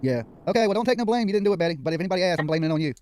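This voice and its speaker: A man's voice: high voice, animated, very fast, darkish tone, a little hiss or hum. A man hosting a livestream in casual chat, joking, laughing often and swearing freely. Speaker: livestream host.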